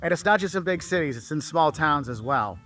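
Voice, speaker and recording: Bright, high-voiced man giving travel tips. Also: expressive, a little fast, soft background music. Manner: chatty, repeats 'okay?' to the viewer. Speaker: travel video creator. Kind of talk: casual advice to camera.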